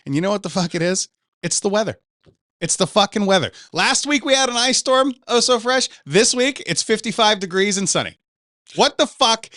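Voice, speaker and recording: A man's voice: high-pitched, normal speed, no echo, studio quality. A man hosting a podcast, swearing freely as he tells stories in casual banter. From Pacific Northwest. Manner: profane, animated storytelling. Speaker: podcast host.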